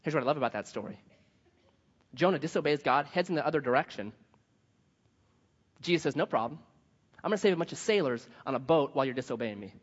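A man preaching a sermon, telling a story in a lively way and acting out the voices of the people in it. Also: fairly high pitch, quick pace, long pauses, breathy edge. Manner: animated storytelling, acts out quoted voices. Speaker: pastor. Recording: dull sound with long hall reverb.

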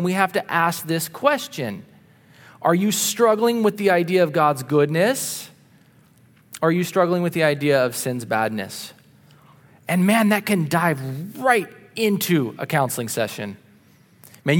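Male pastor delivering a sermon, insistent, slightly high voice, long church echo. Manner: earnest and insistent, shifting between punchy emphasis and quiet asides.

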